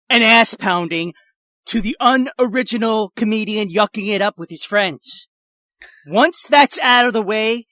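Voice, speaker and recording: A man's voice: high-pitched, sharp tone, dry recording, exaggerated voice. A cocky teenage boy brags and bristles, crude and insistent, as a man acts him out. The sound is close and dry, with no room around it. It comes from an improvised comedy podcast. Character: short brash teenage boy, tough-talking.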